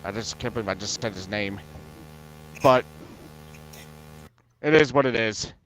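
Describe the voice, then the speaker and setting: A man's voice: lowish voice, measured pace, a bit bright. A man telling a long story in casual chat, rambling with many fillers and frequent swearing. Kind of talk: casual storytelling on an open voice panel.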